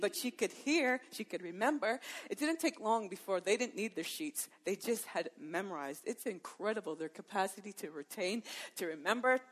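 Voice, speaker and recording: A middle-aged woman telling a personal faith story in a sermon-like talk, acting out her own thoughts and laughing often. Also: a little high. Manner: lively storyteller who acts out her own inner dialogue and laughs often. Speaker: Christian women's speaker.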